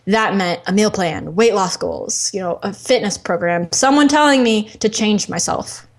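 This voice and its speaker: A woman's voice: mid-range voice, normal speed. A woman who is a podcast guest, frankly telling her own story in a casual way, with "like" threaded through her speech. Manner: candid, frank, fills speech with "like". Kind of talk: telling a personal story in conversation.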